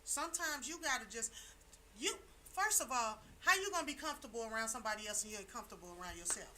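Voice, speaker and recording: A woman's voice: on the high side, lively intonation, quick pace, sharp tone, a little hiss or hum. A middle-aged woman talking on a chat show, telling her story emphatically and repeating her key lines like a preacher. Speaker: talk show panelist. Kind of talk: casual chat.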